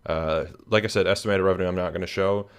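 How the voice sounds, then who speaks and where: A man's voice: deep voice, fairly even intonation, quick pace, clear, resonant tone. A young man hosting a casual recap of his channel, tired and yawning, rambling with lots of fillers and restarts. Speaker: channel host. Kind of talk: casual screen-share recap.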